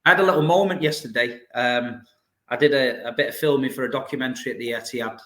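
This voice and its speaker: A man's voice: medium pitch, fast, a bit bright. A man hosting a casual chat, telling stories in a chatty, playful way. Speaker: host. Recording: echoey room.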